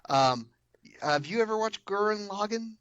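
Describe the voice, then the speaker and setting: A man's voice: high-pitched, moderate pace, smooth, dry recording, muffled recording. A man co-hosting a podcast, telling stories eagerly with plenty of fillers. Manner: eager, animated storyteller with many fillers. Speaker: podcast co-host. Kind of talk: casual podcast chat.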